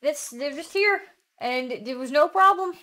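A woman's voice: high-pitched, lively intonation, measured pace, pushed and bright. A woman streaming a game with friends, exasperated and swearing as she coaxes animals along in casual chat.

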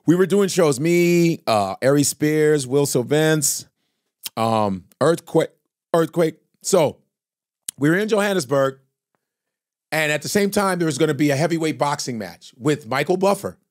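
A man telling a story on a podcast, animated and profane, acting out the quotes in a loud voice. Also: a little slow. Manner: loud, animated, profane, acts out quotes with big jumps in pitch.

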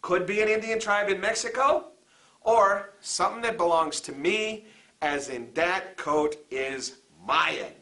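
A man's voice: high voice, sharp tone, exaggerated voice. A man playing a bossy teacher who lectures on a local dialect in a comedy sketch. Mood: lecturing. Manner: deliberate, exaggerated lecturing delivery. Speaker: teacher of a comic dialect class.

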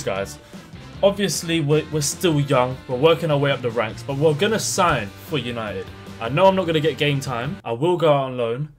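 Excitable young man gaming. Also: mid-range voice. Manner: excitable, chatty, slangy, with sudden loud outbursts. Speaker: gaming YouTuber. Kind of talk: gameplay commentary.

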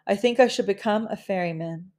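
A woman reading the part of a steady older boy who directs the other children, in a calm, commanding way. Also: mid-range voice, brisk, close to an everyday voice.

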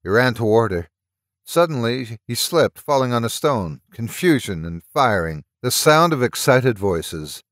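A man narrating a horror story at a steady, measured pace, close to the mic. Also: mid-range voice, no echo. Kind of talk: audiobook reading of a story.

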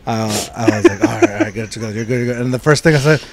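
A man's voice: mid-range voice, racing, a crowd in the background. A man hosting a podcast in a casual chat, laughing often and talking with many fillers and restarts. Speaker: podcast host.

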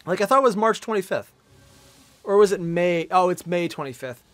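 A male streamer chatting casually while playing, excitable and swearing, with loud outbursts. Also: sits high, a little fast, faint music behind. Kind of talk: casual gaming chat.

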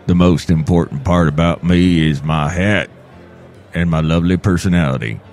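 A man doing a gruff, deep-voiced grumpy fiddler. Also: moderate pace, a little mellow, faint music behind. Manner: gruff, blunt and folksy. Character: grumpy disgruntled fiddle player.

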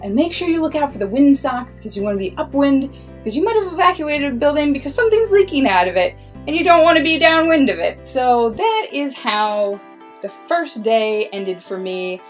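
A woman's voice: high-pitched, lively intonation, moderate pace, soft background music. A young woman telling a personal story about her first day at work with wry, comic timing.

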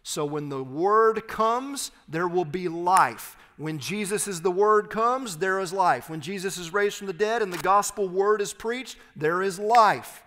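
A man preaching an expository sermon as pastor, reading scripture aloud and explaining it with emphatic, slowed phrases. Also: high voice, a bit bright, big-room sound. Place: church sanctuary.

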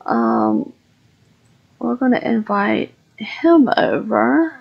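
A woman giving casual Let's Play commentary on a life-simulation game, chatting and voicing her character's reactions in quick asides. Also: a little high, huge pitch swings, gravelly, husky, muffled recording. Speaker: gaming YouTuber.

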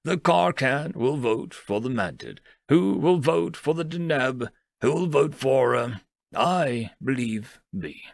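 An old alien elder , voiced by a man, weighs each word slowly and calmly. His gravelly voice stays low and dry. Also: no room sound, exaggerated voice. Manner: slow, deliberate. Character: eldest alien male, calm and measured elder.

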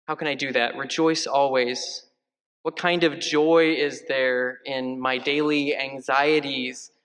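A man preaches a homily as a parish priest, easygoing and lightly joking, with plenty of ums and uhs along the way. His voice sits a little high for a man. A long reverb trails each phrase through the church. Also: fairly bright tone. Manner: chatty, joking, many fillers. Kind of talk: conversational homily. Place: large church.

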